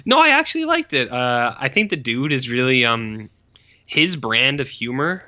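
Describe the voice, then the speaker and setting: A man's voice: medium pitch, big pitch swings, normal speed, bright, forceful tone, lo-fi sound. A man in his forties co-hosting a podcast, chatting casually about an old film with rambling, profane asides and lots of fillers. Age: 40s. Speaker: podcast co-host. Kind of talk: casual film review chat.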